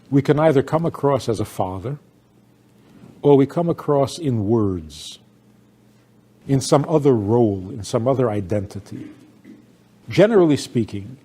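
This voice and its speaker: Husky animated older rabbi. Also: male voice, mid-range voice. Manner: storytelling, laughs often, rhetorical questions. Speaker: rabbi giving a talk. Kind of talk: informal talk to an audience.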